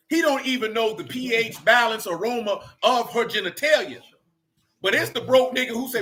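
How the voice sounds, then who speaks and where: Man, Bible study leader, casual preaching, blunt slangy delivery, high voice. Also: normal speed, sharp tone.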